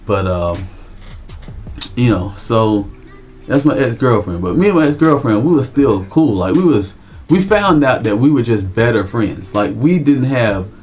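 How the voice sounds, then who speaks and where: A man's voice: mid-range voice, lively intonation, measured pace, a little mellow, muffled recording, faint music behind. A man co-hosting a livestream talk show, telling a rambling, profane story in laid-back slang. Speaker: co-host.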